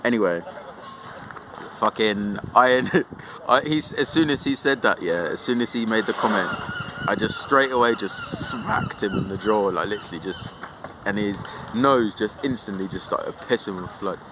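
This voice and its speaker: A man's voice: lowish voice, wildly swooping pitch, normal speed, background noise. Rambling young man, swearing freely. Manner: rambling, swearing, many fillers. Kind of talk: casual storytime.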